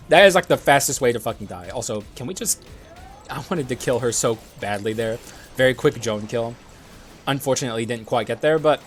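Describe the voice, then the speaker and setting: A young man giving casual gameplay commentary, excitable and swearing often, clearing his dry throat now and then. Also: mid-range voice. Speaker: gaming YouTuber.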